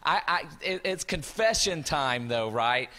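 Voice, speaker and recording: Chatty pastor in a big hall. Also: male voice, a little high, lively intonation, a little slow, bright, forceful tone. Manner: chatty, joking with the congregation. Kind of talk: church announcements and storytelling. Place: large church hall. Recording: reverberant church hall with music.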